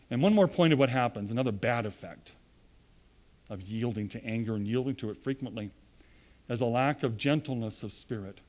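A man preaching a sermon with earnest emphasis, rising to loud points and dropping to quiet, low asides.

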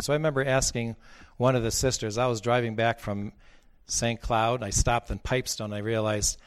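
A man's voice: medium pitch, fairly even intonation, moderate pace, smooth. A man speaking as a bishop, telling stories in a blunt, emphatic preaching talk that repeats its points.

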